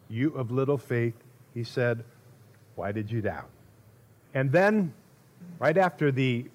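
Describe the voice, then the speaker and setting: A man preaching a sermon, telling the story in an animated way and acting out quotes loudly, with short laughs between phrases. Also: mid-range voice.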